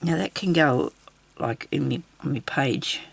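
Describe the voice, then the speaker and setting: A woman's voice: sits low, a little slow, vocal fry, slightly rough, dry recording. A woman with an Australian accent giving a casual craft tutorial at her craft table. She rambles and mutters to herself while she works. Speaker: craft video host.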